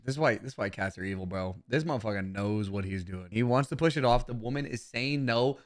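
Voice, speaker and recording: A man reacting to memes with casual, profane, excitable commentary. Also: medium pitch, fast, dry recording, studio quality. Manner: profane, laughing, excitable remarks.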